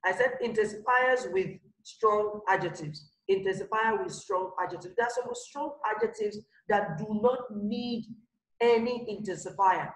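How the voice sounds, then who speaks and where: Teacher repeating examples in an echoey room. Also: mid-range voice. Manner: repetitive, explains slowly with examples, checks understanding. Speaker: primary school teacher. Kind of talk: online English grammar lesson.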